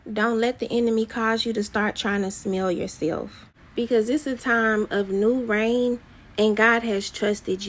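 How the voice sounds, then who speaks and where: A woman preaching a prophetic word with fervent, repeated declarations. Her voice sits a little high, and she reads scripture and drops casual slang in the same flow. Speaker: prophetic minister.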